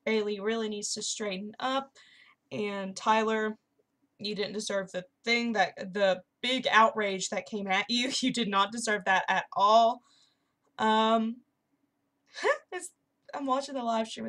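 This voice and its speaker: A young woman chatting casually and excitedly while playing a video game. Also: mid-range voice, a little slow. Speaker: gaming YouTuber. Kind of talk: casual commentary over gameplay.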